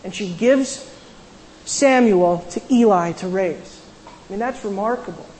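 A woman's voice: medium pitch, a little slow, darkish tone, long reverb tail, slight background noise, low-quality recording. A woman casually retelling a Bible story as a sermon, with conversational asides and frequent restarts. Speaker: Bible teacher.

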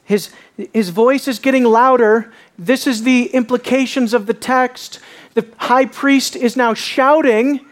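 A woman preaching a sermon, emphatic and dramatic, her voice swelling from quiet explanation up to shouting. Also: on the high side, a little slow.

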